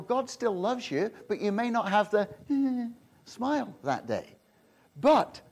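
A man preaching a sermon in a lively, conversational way, often repeating himself and laughing as he talks. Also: high-pitched. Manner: animated, conversational preaching with frequent repetitions and laughs. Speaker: pastor.

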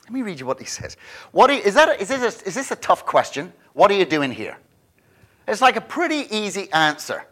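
A man preaches a sermon as a pastor, joking and animated, and he often repeats words as he restarts his thoughts. His voice sits high and he talks fast.

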